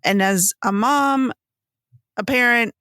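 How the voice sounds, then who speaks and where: A woman hosting a podcast in casual chat, animated, acting out her own reactions as she talks. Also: a little high, slow, no room sound, clean studio sound. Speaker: podcast host.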